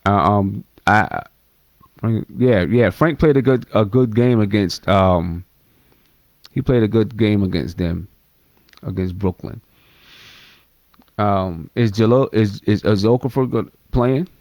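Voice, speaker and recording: A man with a fairly low voice hosts a live postgame fan stream, talking straight to his viewers in an easy, chatty way. He is picked up close on a dry computer mic with no room sound. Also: slow pace, long pauses, a little mellow, dry recording. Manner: chatty, addresses viewers directly. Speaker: fan livestream host. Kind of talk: live postgame basketball talk.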